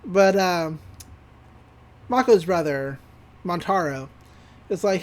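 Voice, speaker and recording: A woman's voice: lowish voice, expressive, measured pace, long pauses, a little mellow. A woman co-hosting a podcast, recapping an episode in casual chat, laughing often and swearing freely. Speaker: podcast co-host.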